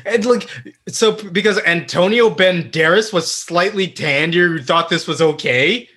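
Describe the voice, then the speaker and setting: A man's voice: high voice, a little slow, bright, forceful tone. A man co-hosting a casual podcast, giving heated opinions and swearing freely. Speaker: podcast co-host. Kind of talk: casual chat.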